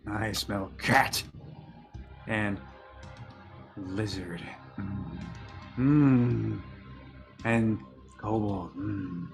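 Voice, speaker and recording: A man voicing a dim, menacing male troll who talks slowly and sniffs. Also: on the low side, vocal fry, pitched below the performer's own voice, heavily acted. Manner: slow, sniffing, drawn-out.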